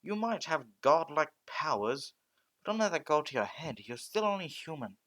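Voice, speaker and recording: A man's voice: a little high, sing-song, moderate pace, fairly bright tone, pitched above the performer's own voice. A man voicing a fussy old woman healer in a fan story reading, scolding and fussing over a patient.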